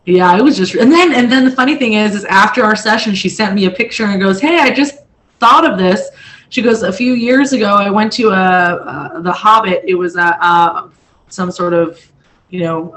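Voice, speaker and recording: A woman who works with clients, talking in casual chat with many pauses and restarts. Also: mid-range voice, fairly bright tone, rough recording. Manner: hesitant, many fillers and restarts. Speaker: spiritual practitioner reading clients' past lives.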